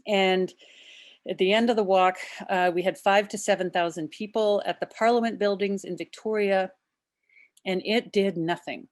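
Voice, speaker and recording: An earnest woman recounts her work as a biologist and activist, her voice at a middling height. She speaks with passion, restarting phrases and surging ahead, then slowing. The sound is dry and close, with no room around it. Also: mid-range voice, fairly even intonation, dry recording. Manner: impassioned, frequent restarts, speeds up and slows down. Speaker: marine biologist and activist guest. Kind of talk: earnest first-person storytelling talk.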